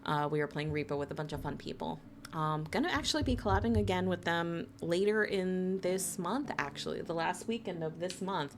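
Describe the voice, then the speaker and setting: A woman from New Jersey chatting casually with viewers on a live stream, playful and teasing, laughing often and swooping high in pitch when excited. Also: fairly quick, a little hiss or hum.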